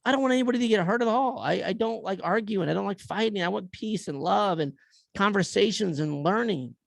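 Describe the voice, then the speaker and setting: A man with a gravelly, slightly higher-pitched voice rants on his podcast. He talks bluntly, swears freely and piles up rhetorical questions. The sound is close and dry, with no room around it. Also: dry recording. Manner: blunt and profane, asks rapid rhetorical questions. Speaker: podcast host. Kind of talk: opinion rant.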